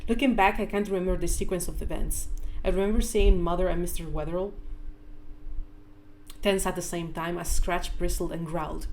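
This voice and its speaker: A woman reading a novel aloud live, with measured storytelling narration. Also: fairly low pitch, steady tone, a little mellow, a little hiss or hum. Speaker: reader.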